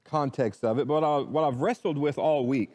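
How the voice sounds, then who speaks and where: A man preaching a sermon, animated, repeating words as he restarts his thoughts. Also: medium pitch, normal speed. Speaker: pastor.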